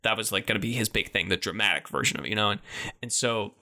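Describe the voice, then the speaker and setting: A man in casual chat, retelling a story in a loose, rambling way, full of "like" and "you know", and breaking into animated voices for the people in it. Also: lowish voice, quick pace.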